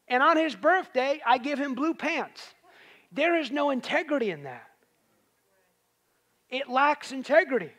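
A man's voice: very high voice, a bit bright. A man preaching a sermon in a conversational way, rising to emphatic peaks.

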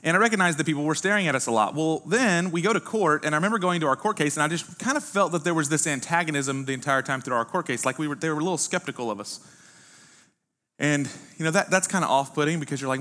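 A man's voice: fairly high pitch, quick pace, sharp tone. A young adult American man, a pastor, preaching a sermon with casual, storytelling asides. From United States. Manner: conversational storytelling, folksy asides. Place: church sanctuary.

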